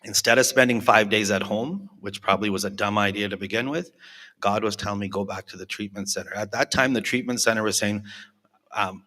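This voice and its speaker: A man's voice: fairly low pitch, fairly even intonation, brisk, pushed and bright. A man in his forties giving a candid, self-mocking recovery testimony to a live audience, acting out the people he quotes. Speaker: recovery alumni speaker. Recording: reverberant hall.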